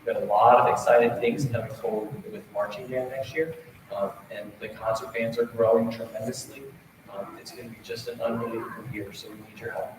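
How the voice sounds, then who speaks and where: A man's voice: medium pitch, level tone, brisk. A man in his thirties or forties speaks to a school concert audience, earnest and loose, with fillers and restarts. He is heard from far across a very reverberant auditorium. Room noise hums underneath. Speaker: band director.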